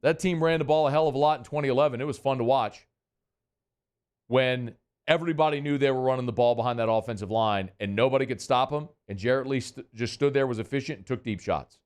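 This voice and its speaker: A man's voice: medium pitch, quick pace, a little mellow, clear, resonant tone. A middle-aged man hosting a sports talk radio show, chatting in a folksy way straight to his listeners.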